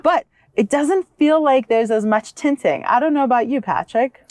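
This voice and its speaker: Excitable woman vlog co-host, casual car chat, higher voice. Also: moderate pace, dry recording. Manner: bubbly, excitable, laughs easily. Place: inside a vehicle and outdoors beside it.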